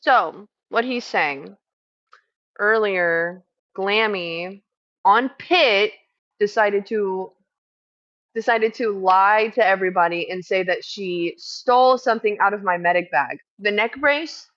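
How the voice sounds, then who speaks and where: A woman of middle pitch tells a story in casual chat, swearing freely. She gets fast and heated as she goes. The recording sounds somewhat muffled and lo-fi. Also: a bit bright. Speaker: house medic at a streamed camp.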